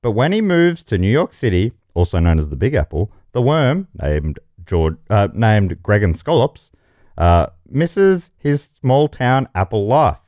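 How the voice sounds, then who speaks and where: Lively jokey male game show host. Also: lowish voice, unhurried, dry recording, studio quality. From Australia. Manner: jokey, chuckles mid-sentence. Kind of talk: comedy podcast banter, reading quiz options.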